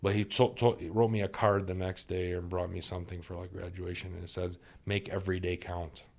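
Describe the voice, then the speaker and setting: Gravelly and darkish, the low voice of a doctor guesting on a podcast moves fairly quickly with little change in pitch. He earnestly offers stories and life lessons in a reflective, conversational manner, repeating important phrases for weight.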